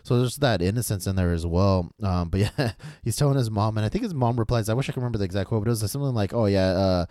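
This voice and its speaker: A man co-hosting a podcast, talking casually about comics in an easygoing, halting way with many fillers. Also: on the low side, mellow, no echo, studio quality. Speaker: podcast co-host.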